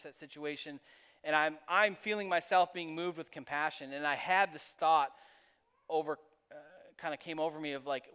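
Man, pastor, conversational sermon, somewhat high voice, smooth and resonant. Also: a bit bright, big-room sound. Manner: conversational, personal storytelling.

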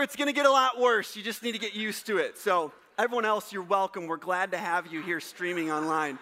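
A man from Wisconsin, a pastor preaching a casual sermon to a live congregation, joking and telling stories in an animated way. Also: high voice, fairly quick, few pauses. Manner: jokey, animated, teasing the congregation. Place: church service before a live congregation.

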